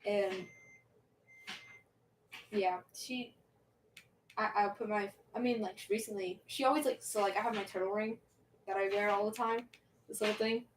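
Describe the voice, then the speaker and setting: A woman's voice: medium pitch, fairly even intonation, moderate pace, pauses often, far from the mic, a little hiss or hum, poor audio. A young woman hosting a livestream, chatting casually and answering viewer questions, rambling and restarting her sentences with little laughs. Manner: rambling, self-interrupting, giggly. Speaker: livestream host.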